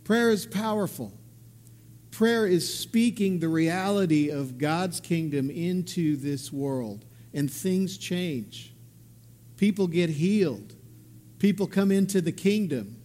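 A man preaching as a pastor, slow and emphatic, repeating key phrases. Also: high-pitched, expressive, a little mellow. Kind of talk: sermon. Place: church with congregation.

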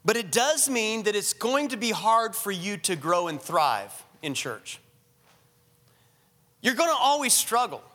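A man's voice: sits high, very animated, measured pace, bright, forceful tone. A man preaching as pastor, earnest and emphatic, repeating phrases for emphasis. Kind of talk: sermon. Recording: echoey hall with long reverb.

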